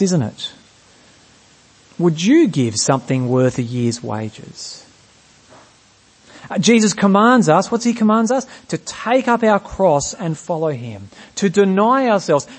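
A man's voice: high voice, darkish tone. A man preaching a sermon, often putting rhetorical questions to his congregation.

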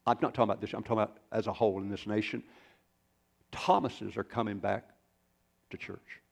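A man's voice: fairly low pitch, fairly even intonation, fairly quick, vocal fry. A male pastor preaching a sermon in a folksy, storytelling way, with rambling asides.

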